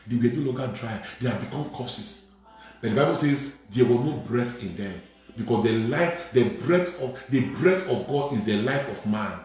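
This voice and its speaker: A man preaching a sermon as a priest, repeating phrases and building to sudden shouted emphasis. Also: mid-range voice, lively intonation, moderate pace. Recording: very echoey room with faint music.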